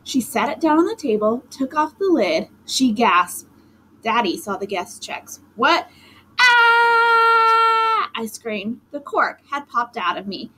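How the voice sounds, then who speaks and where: Higher-voiced woman narrating a storybook. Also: measured pace, a little hiss or hum, poor audio. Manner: lively, dramatic first-person storytelling. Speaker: audiobook narrator. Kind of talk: expressive storybook reading.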